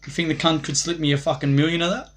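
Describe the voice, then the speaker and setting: A young man holds forth on a livestream in a loose, profane ramble. His voice sits slightly high for a man, and he swaggers through it, laughing at his own jokes. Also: steady tone, fast talker, fairly bright tone.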